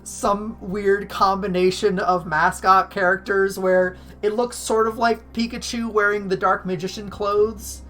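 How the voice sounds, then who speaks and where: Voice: mid-range voice, flat delivery, unhurried, few pauses, a bit bright, soft background music. A game master narrating a tabletop game, rambling and full of fillers.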